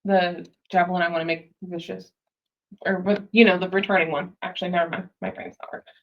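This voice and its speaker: A woman's voice: fairly low pitch, level tone, fairly quick, gravelly, muffled recording. A woman playing in a tabletop game, chatty and self-deprecating, laughing often. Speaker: player. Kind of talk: casual tabletop game play.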